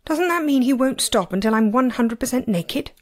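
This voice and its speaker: A woman's voice: a little high, animated, moderate pace, pitched above the performer's own voice. A woman reading aloud and voicing a proud, exasperated male immortal master who talks with sarcastic indignation.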